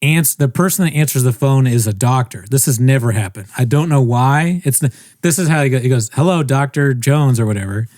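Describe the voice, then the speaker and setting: Brief: young male podcast co-host, casual storyteller, mid pitch, dead-dry mic. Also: fairly quick, no room sound. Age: young adult. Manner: rambling, animated, mimics others' voices.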